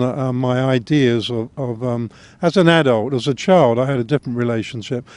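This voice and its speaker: An older man with a blend of English and Australian accent, telling his life story in a gentle, wry interview manner. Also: mid-range voice, dry recording. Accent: mixed English and Australian. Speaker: guest author. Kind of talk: reflective interview talk.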